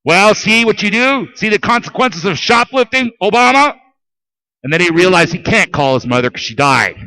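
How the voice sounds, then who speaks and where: High, bright-voiced ranting radio man. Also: expressive, moderate pace, no room sound, low-quality recording. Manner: profane, heated, shouting at times. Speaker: call-in radio host. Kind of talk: talk radio rant.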